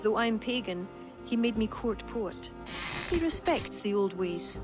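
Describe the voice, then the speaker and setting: A woman's voice: mid-range voice, lively intonation, a little slow, lightly acted. An actress with an Irish accent voicing a proud, witty woman court poet who speaks in a teasing, lilting way, with game music behind.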